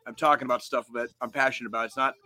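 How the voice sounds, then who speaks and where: A man's voice: medium pitch, steady tone, very fast, sharp tone. A man co-hosting a podcast in casual chat, ranting heatedly with heavy swearing and frequent restarts. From United States. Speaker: podcast co-host.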